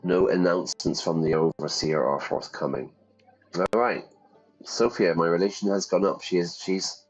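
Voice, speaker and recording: A man who teaches English by reading a story game aloud and pausing to explain phrases in a relaxed way. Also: low-pitched. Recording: slightly dull lo-fi sound with faint music.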